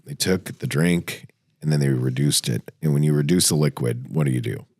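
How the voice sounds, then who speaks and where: Deep-voiced man telling stories on a podcast. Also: moderate pace, breathy edge, dry recording, clean studio sound. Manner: animated storyteller who swears freely. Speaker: podcast host. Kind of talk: casual storytelling chat.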